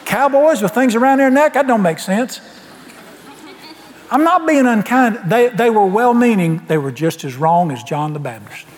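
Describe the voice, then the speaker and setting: Animated preacher in a church hall. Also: male voice, high voice, normal speed, few pauses, a little hiss or hum. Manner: folksy, animated storytelling, acts out dialogue. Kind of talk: storytelling sermon.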